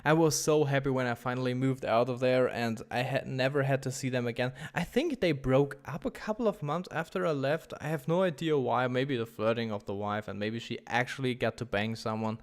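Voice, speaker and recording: A man's voice: mid-range voice, brisk, hardly any pauses. A man narrating a storytime over gameplay in a rambling, exaggerated, disgusted way, full of fillers. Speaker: gaming commentator.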